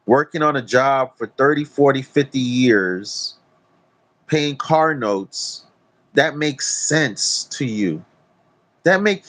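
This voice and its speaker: A man vlogging outdoors, ranting bluntly to his phone camera with heavy swearing and a preachy tone. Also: a little high. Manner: profane, preachy, emphatic. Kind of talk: blunt talk-to-camera rant. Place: outdoors in nature.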